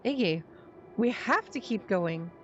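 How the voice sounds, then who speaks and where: A woman's voice: medium pitch, expressive, a little slow, lo-fi sound, soft background music, close to an everyday voice. Woman reading an earnest kind boy. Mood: pleading. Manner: gentle, earnest. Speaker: streamer reading a story game aloud.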